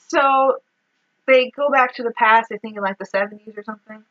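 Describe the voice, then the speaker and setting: A woman's voice: on the high side, moderate pace, pushed and bright, muffled recording. A woman co-hosting a podcast, recapping a movie in casual chat, exasperated, swearing and laughing as she goes. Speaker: podcast co-host.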